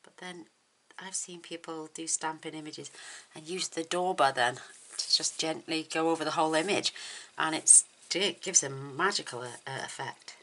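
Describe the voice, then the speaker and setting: A woman hosting a card-making tutorial, talking softly and admiringly as she works, often dropping to a near whisper. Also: sits low, moderate pace, rough recording. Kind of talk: relaxed craft tutorial narration.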